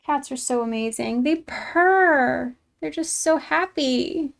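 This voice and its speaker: A woman's voice: sits high, slow, creaky. A woman hosting a live-streamed painting tutorial, talking with her chat in a chatty, bubbly way and laughing often.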